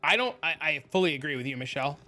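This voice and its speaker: A man's voice: fairly high pitch, expressive, very fast, pushed and bright, faint music behind. A man streaming a game and chatting casually with viewers, blunt, profane and rambling. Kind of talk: casual live-stream chat.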